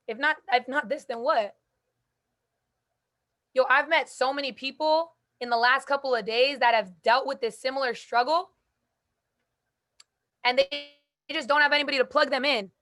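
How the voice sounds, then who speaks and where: Bright high-voiced motivational woman. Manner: energetic, emphatic, casual slang. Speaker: host speaking to a call group. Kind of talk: motivational call talk.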